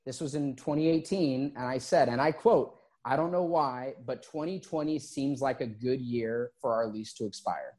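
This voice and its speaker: A man's voice: mid-range voice, moderate pace, hardly any pauses. A man who is an interview guest and former gym owner, telling his story casually and acting out past conversations. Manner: relaxed, recounts conversations in quotes.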